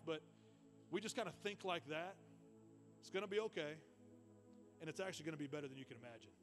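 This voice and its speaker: High-voiced man preaching a sermon. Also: fast talker, long pauses, soft background music. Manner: energetic storytelling, repeats words when excited. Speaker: pastor. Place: church.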